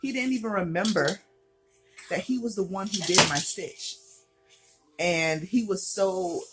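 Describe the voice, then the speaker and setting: A woman's voice: medium pitch, a little slow, loud music behind the voice. A heavily pregnant young woman, out of breath, telling a personal story in a chatty, candid way full of fillers. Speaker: vlogger.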